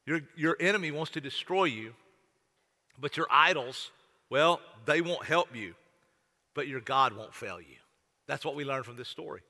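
A man's voice: on the high side, lively intonation, moderate pace, pauses often, pushed and bright. A man preaching a sermon in a folksy, repetitive way, often stammering and restarting as he talks to the congregation. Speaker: pastor. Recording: long hall reverb.

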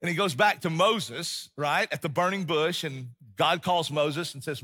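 A man preaching a sermon as pastor, passionate and repetitive, swinging between loud declarations and soft, hushed passages. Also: on the high side, a little fast, few pauses. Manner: impassioned, repeats phrases for emphasis, drops to a hush.

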